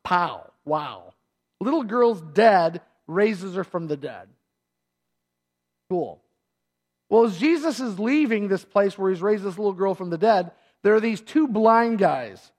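A middle-aged man with a fairly high voice preaches to a congregation. He retells the story in an animated, conversational way and now and then acts out the shouts and lines of the people in it. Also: slow pace. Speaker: pastor. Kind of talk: sermon.

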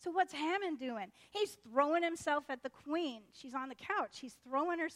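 A woman preaching a sermon as lively, chatty storytelling, acting out the characters' voices. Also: high-pitched, moderate pace, hardly any pauses. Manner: animated, chatty, acts out voices.

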